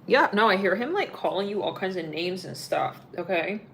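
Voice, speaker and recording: Woman, tarot reader, casual live reading, rambling, blunt, middle pitch, faint background noise. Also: lively intonation, moderate pace, a bit bright. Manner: rambling and blunt, full of "like" and swearing.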